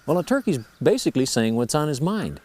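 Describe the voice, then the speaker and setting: A man's voice: fairly high pitch, big pitch swings, brisk, darkish tone. A man teaching turkey calls, explaining each sound step by step in a folksy, plain-spoken way. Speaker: turkey-calling instructor. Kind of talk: instructional explanation.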